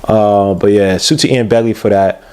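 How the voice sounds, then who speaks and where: A loose, animated man, chatting casually on a sports podcast. His speech swings between excited outbursts and muttered asides as he checks things on the fly. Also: on the low side, moderate pace, smooth. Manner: loose and animated, swears, looks things up on air. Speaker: podcast host.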